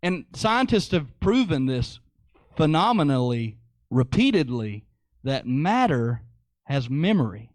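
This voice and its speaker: A man preaching a sermon in an animated way, repeating phrases for emphasis. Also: a little high, slow pace, no room sound.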